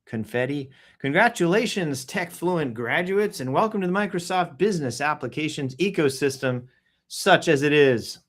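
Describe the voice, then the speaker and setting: A man hosting a casual live stream, reading news and comments aloud in an offhand, joking way, humming sound effects and often clearing his throat. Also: on the high side, animated, normal speed. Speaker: livestream host reading news and posts. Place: at home in Texas.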